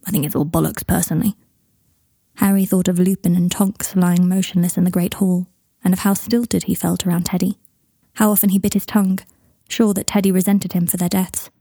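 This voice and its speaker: A woman narrating fan fiction in an even, steady storytelling manner. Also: lowish voice, brisk, slightly rough, no echo, studio quality. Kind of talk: reading fan fiction aloud.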